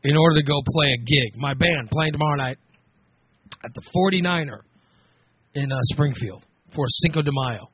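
A middle-aged American man with a husky, slightly high voice, rambling through a sarcastic comedy podcast. The sound is dry and close, and a bit dull in the highs, like a home podcast recording. He now and then jumps into loud mocking voices. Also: moderate pace, no room sound. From United States. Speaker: podcast host. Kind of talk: casual comedic chat.

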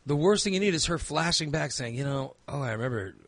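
A man's voice: a little high, fairly quick, a bit bright, dry recording. A man telling crude comedic stories in casual chat, acting out quoted lines in a raised voice.

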